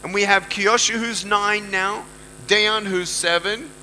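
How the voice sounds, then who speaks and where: A man's voice: sits high, fairly even intonation, measured pace, sharp tone, slight background noise, poor audio. A man with an Australian accent giving an emphatic motivational speech to a live audience, repeating lines for effect. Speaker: motivational speaker.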